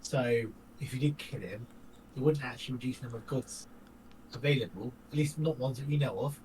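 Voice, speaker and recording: A man playing a character in a tabletop game, making a rambling, persuasive pitch. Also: brisk, a little mellow. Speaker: player. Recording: distant mic with faint noise.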